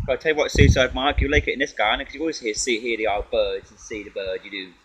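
A man talks casually outdoors in a snowy garden, firing off shout-outs laced with constant swearing. He coughs often, and his voice sits at an ordinary pitch for a man. Loud gusts of wind batter the recording. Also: fairly even intonation, fast. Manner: profane, rambling, swears constantly. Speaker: vlogger. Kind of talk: rambling shout-out vlog.

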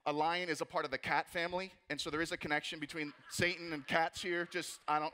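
A young man preaching a lively, jokey sermon as a pastor, repeating words and acting out voices as he goes. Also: on the high side, fast, hardly any pauses. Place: church auditorium.

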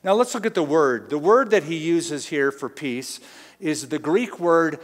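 A middle-aged man from Southern California preaches in a relaxed, conversational way, slipping into little acted-out quotes as he tells stories. His voice sits slightly high for a man. It rings out with the long reverb of a large church hall. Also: unhurried. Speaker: pastor. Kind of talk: sermon.

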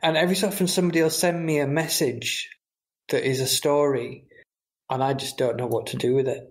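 A man's voice: medium pitch, steady tone, a little fast. A middle-aged man hosting a podcast, chatting casually in a self-deprecating way. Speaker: podcast host. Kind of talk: casual chat.

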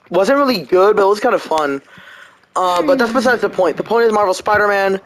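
Rambling, excitable gameplay commentator man. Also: high-pitched, brisk, poor audio. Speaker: gameplay host. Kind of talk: casual let's-play commentary.

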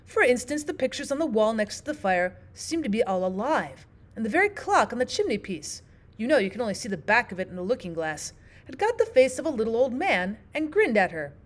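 A woman teacher reading a classic children's book aloud with expressive storytelling. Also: on the high side, fairly quick. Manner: expressive, sing-song storytelling. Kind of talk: audiobook narration.

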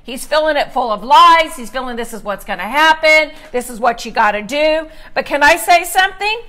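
A woman pastor preaching, emphatic, slowing down to stress scripture. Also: high-pitched, expressive, sharp tone. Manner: emphatic, slows to stress scripture, asks "Amen?". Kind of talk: sermon.

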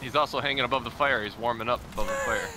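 A man's voice: medium pitch, rapid-fire, background noise. A man co-playing a game, trading dry, mock-grumpy banter. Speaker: co-player. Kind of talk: casual gameplay chat.

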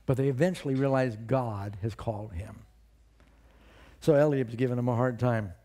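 A male pastor preaching a sermon, retelling a story with lively storytelling and questions for the congregation. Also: mid-range voice, moderate pace.

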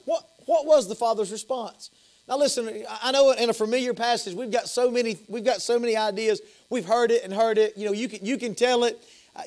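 Southern man, pastor, very high voice, impassioned sermon, repeats and restarts phrases. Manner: impassioned preaching with repetitions and restarts. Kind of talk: evening sermon. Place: church sanctuary.

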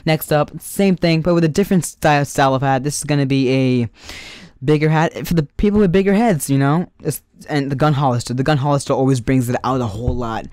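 A man's voice: mid-range voice, fairly quick, a little mellow, no echo, clean studio sound. A young man telling a storytime and drawing a tutorial in a casual, joking, rambling way. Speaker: YouTuber.

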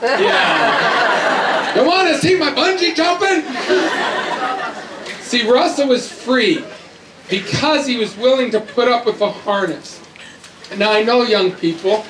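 A middle-aged man from North America giving a humorous, emphatic storytelling sermon to a youth audience. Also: high voice. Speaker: youth conference speaker. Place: large hall with audience. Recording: echoey hall, distant mic, audience noise.

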